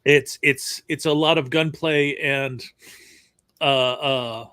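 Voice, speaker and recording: A man co-hosting a casual live stream, talking in a halting way with repeated words and small chuckles. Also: medium pitch, steady tone, sharp tone, clear, resonant tone, no room sound, studio quality. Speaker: stream co-host, writer.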